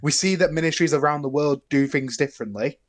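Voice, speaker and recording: A young filmmaker rambles animatedly through casual film talk as a podcast guest, laughing often. His voice is somewhat high. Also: fast. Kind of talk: casual film review chat.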